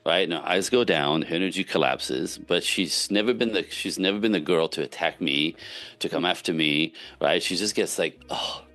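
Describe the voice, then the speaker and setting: A man's voice: deep voice, normal speed. A man, a relationship coach speaking as a podcast guest, giving casual but emphatic advice and often checking in with "right?". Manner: emphatic, animated, frequent "right?" tags.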